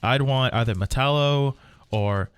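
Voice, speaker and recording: A man's voice: medium pitch, unhurried, smooth, no room sound. A young man hosting a casual podcast chat about comics, rambling with fillers and restarts. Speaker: podcast host.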